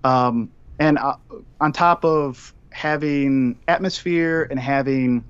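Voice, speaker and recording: A man's voice: medium pitch, slow, smooth, no room sound. A man calling in as a guest for casual chat, rambling with many fillers. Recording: dull, dry call-in line.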